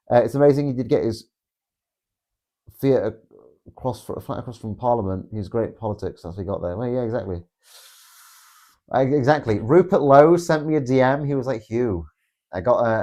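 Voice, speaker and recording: Reading viewer comments on his live stream, this man in his 20s rambles, swears a lot, and leans into sarcasm. He has a mellow, medium-pitched voice.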